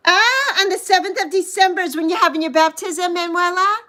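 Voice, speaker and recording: A woman in her sixties hosting a casual livestream, chatting with viewers and gushing over them with drawn-out coos. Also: very high-pitched, pushed and bright. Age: 60s. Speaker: livestream host. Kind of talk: casual livestream chat reading viewer comments.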